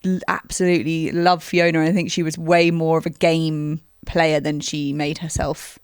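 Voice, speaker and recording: A British woman co-hosting a casual chat about a reality show, excitable and giggly, with the odd swear. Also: low voice, normal speed, smooth, dry recording, clean studio sound. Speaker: podcast co-host.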